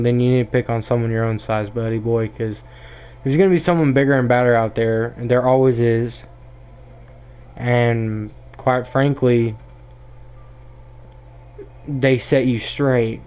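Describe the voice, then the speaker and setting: A man's voice: mid-range voice, steady tone, unhurried, pauses often, smooth. A young man hosting a podcast, delivering a blunt, emphatic opinion monologue that often circles back and repeats itself. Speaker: podcast host. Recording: tinny phone-like sound.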